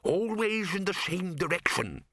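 A man's voice: fairly high pitch, very animated, normal speed, bright, forceful tone, dry recording, clean studio sound, exaggerated voice. A man voicing a nervous, whimpering male wizard bursar in an audiobook. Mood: panicky. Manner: whimpering, panicky.

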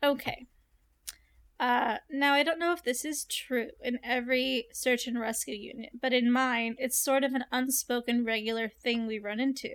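A young woman hosting a casual chat, reading a story aloud and reacting with animated, curious asides. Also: a little high, moderate pace.

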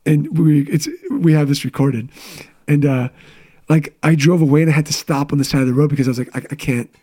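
A man's voice: fairly high pitch, warm tone. A man in his thirties, a business coach, telling candid personal stories in a casual interview chat. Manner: candid, storytelling, quick asides.

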